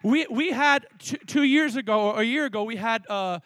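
A male pastor preaching a sermon with energy, mixing sudden loud emphasis with quick asides. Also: extremely high pitch, no echo.

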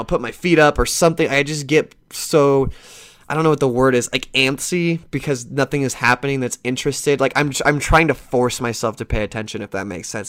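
A man hosting a podcast, telling a long casual story that rambles, restarts and swears a little, and livening up as he retells conversations. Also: medium pitch. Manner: lively when retelling conversations. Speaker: podcast host.

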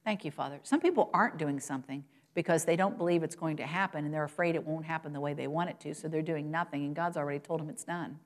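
A woman preaching a sermon to a congregation, asking rhetorical questions and swinging from loud, high exclamations to soft, low asides. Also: quick pace, hardly any pauses. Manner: rises in pitch and volume for quoted lines and exclamations, drops low and soft at points; addresses congregation directly, asks rhetorical questions.

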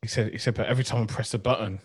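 A man's voice: fairly low pitch, fairly even intonation, rapid-fire, breathy edge. A man co-hosting a casual podcast, blunt and sweary, telling stories with laughter. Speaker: podcast co-host, vape shop worker.

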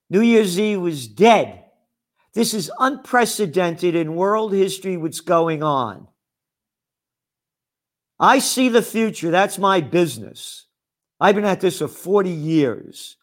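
An older man, a trend forecaster, delivering a sarcastic, scornful ranting monologue full of name-calling. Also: high voice.

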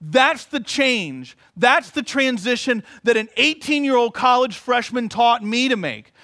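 A man preaching a sermon as pastor, telling a story in an earnest manner with long measured pauses. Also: very high-pitched, animated, bright, forceful tone.

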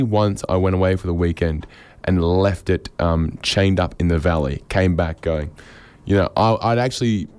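A man with an Australian accent doing a rambling stand-up monologue, wry, often jumping into high-pitched voices for the people in his stories. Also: clear, resonant tone, no room sound. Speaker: comedian.

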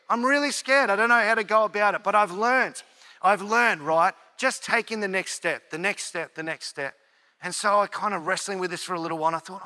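Male pastor, sermon, high bright voice, earnest conversational storytelling, reverberant hall. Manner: storytelling with quoted inner dialogue, earnest and conversational.

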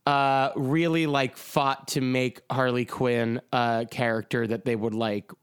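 Smooth-voiced man rambling casually. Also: medium pitch, level tone, unhurried, dry recording, studio quality. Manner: rambling, joking, swears casually. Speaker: podcast co-host. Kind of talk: casual chat.

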